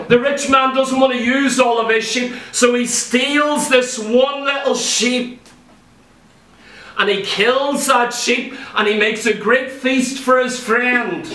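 In a roomy church hall, a man with a very high, sharp voice preaches a sermon, telling a Bible story and emphatically repeating key phrases. The mic sits far off, giving a spacious church sound.

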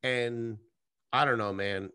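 A man, a comedian guest, telling a rambling, profane story in a casual, animated way. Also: medium pitch, takes it slowly, clean tone, no echo, clean studio sound. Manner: profane, animated, acts out scenes.

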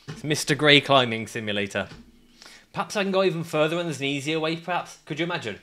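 A man's voice: medium pitch, fast. Ranting man streaming a game. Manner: ranting, swinging between mock calm and yelling at his character. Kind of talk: gaming stream commentary.

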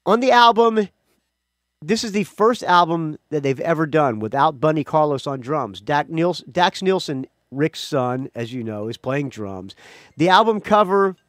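Chatty rambling podcast host, lively pitch. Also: male voice, unhurried, no echo, clean studio sound. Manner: rambling, chatty, self-correcting. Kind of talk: casual solo podcast talk.

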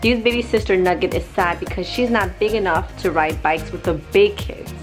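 A woman's voice: mid-range voice, normal speed. A woman vlogging casually as a mom, chatting through a product plug and reading game cards aloud to her child. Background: background music.

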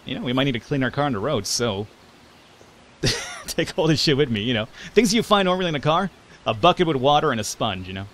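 A man's voice: mid-range voice, very animated, fast, fairly bright tone. A man hosting a let's play, talking through a game with sarcastic jokes and casual swearing. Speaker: gaming channel host.

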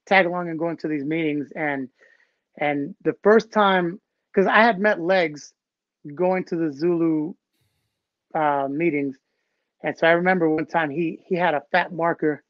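A man guest recounting old stories in a casual, animated way, acting out what others said. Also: a little high, a little slow, no echo. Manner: animated, acts out quotes from others. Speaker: interview guest, b-boy. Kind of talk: casual storytelling. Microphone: phone or call audio. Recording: dull, dry call audio.

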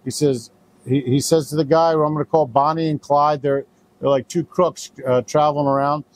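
A man's voice: fairly high pitch, steady tone, moderate pace. A man who runs a recycling business, talking casually to camera and telling a story, with plenty of fillers as he goes. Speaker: business owner. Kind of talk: direct-to-camera business talk.

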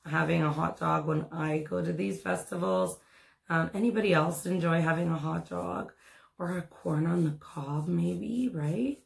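Low gravelly woman teaching kids to draw. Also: echoey room. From Canada. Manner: chatty and encouraging, many ums and asides. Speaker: art teacher. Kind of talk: step-by-step drawing lesson for children.

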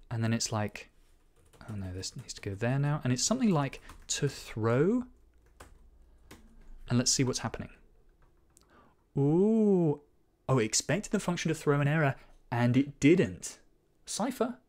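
A man works through a programming task out loud, half talking to himself as he reads out code. He corrects himself often and stops now and then to explain a point like a teacher. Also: medium pitch, animated. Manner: thinking aloud, muttering code as he types; quick self-corrections and asides. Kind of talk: live-coding commentary.

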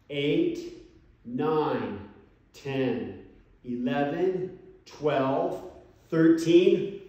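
Guy coaching a workout, slow and encouraging, fairly high voice, super echoey and far from the mic. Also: mellow. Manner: encouraging and counting out reps. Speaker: fitness coach. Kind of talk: home workout instruction.

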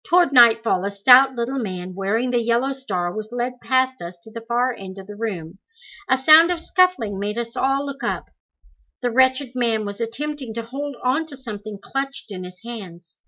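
A woman reading a memoir aloud in slow, deliberate storytelling. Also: on the high side, sharp tone, lo-fi sound. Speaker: audiobook reader.

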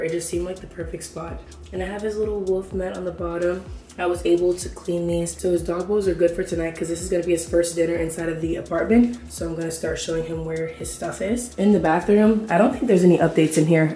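A woman's voice: on the low side, darkish tone, reverberant. Chatty young woman vlogging at home. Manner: chatty, talks to viewers while tidying. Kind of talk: casual vlog narration. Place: apartment kitchen, indoors.

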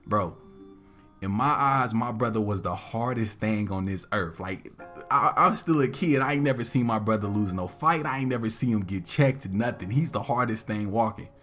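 A young man casually telling a funny story to his viewers, slangy and animated, acting out relatives in loud, high voices. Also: normal speed, soft background music. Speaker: vlog host telling a story.

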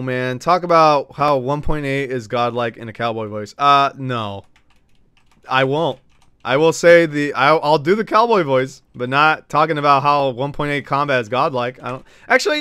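A man's voice: medium pitch, sharp tone, clear, resonant tone, no echo. A man streaming a game, talking to his chat in a brash, teasing and profane way. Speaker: gaming streamer. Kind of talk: casual live-stream chat.

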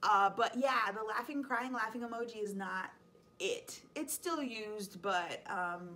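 A woman in her thirties, a high school teacher hosting a casual explainer vlog, chatty and playful, laughing often. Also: a little slow, bright, forceful tone.

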